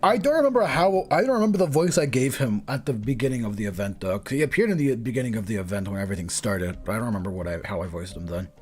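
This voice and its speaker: A man's voice: medium pitch, animated, fast talker, few pauses, a little mellow. A young man streaming a game, reading the story aloud and chatting in a rambling, slangy, laughing way.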